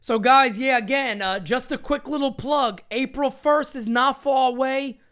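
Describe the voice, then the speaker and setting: A man's voice: very high-pitched, measured pace, a bit bright, clean tone. A man hosting a casual sports live chat, talking in a blunt, rambling way and reading out viewer comments. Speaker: live-stream sports show host.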